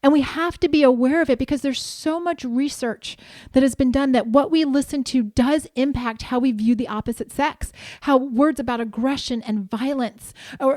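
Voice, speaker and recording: A middle-aged woman co-hosting a talk podcast, telling personal stories in a candid, animated way. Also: high-pitched, no echo, clean studio sound. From Southern California. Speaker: podcast co-host. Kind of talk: casual chat.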